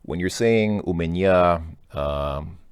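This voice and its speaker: A man's voice: low-pitched, slow, clear, resonant tone, dry recording. A man casually explaining a language lesson, chatty and joking, thinking aloud as he goes. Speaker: language teacher.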